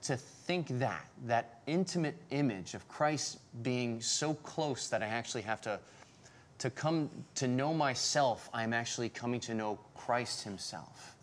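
A man reflecting aloud in a faith discussion, halting and using many fillers. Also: mid-range voice, expressive, a little hiss or hum.

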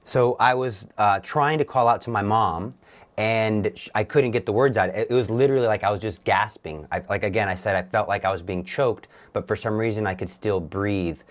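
A man's voice: lowish voice, moderate pace. A man as an interview guest, earnestly recounting his faith testimony, often stumbling and restarting his sentences.

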